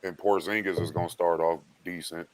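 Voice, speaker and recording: A man with a very low voice speaks on a casual sports panel. He is relaxed and slangy, working through his opinions aloud. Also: brisk, slight background noise, low-quality recording.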